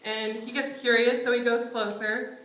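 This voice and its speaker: A woman's voice: a little high, little pitch movement, normal speed, a bit bright. A young woman preaching a conversational sermon in a church, casual and self-deprecating, often chuckling. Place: church sanctuary. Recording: roomy church sanctuary echo.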